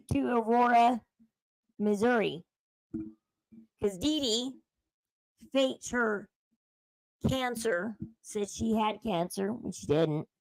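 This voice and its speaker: A woman's voice: fairly high pitch, gravelly, no echo, low-quality recording. A woman streamer giving emphatic true-crime gossip commentary, repeating points and lecturing her viewers.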